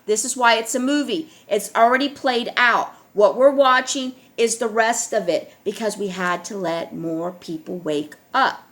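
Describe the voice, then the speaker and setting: A woman's voice: a little high, a little slow, hardly any pauses, a bit bright. A middle-aged woman talking straight to her viewers in a casual monologue, insistent and pressing her points with repeated checks like "all right?". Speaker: online video host.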